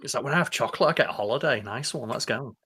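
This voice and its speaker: A man's voice: mid-range voice, rapid-fire, bright, forceful tone, husky. Dry-joking man. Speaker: podcast co-host. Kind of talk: casual chat.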